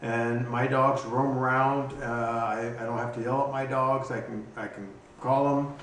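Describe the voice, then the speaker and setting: A man who trains hunting dogs explains his gear in a casual instructional video, talking haltingly with frequent ums and restarts. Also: mid-range voice, level tone, a bit bright. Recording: echoey room, distant mic, faint noise.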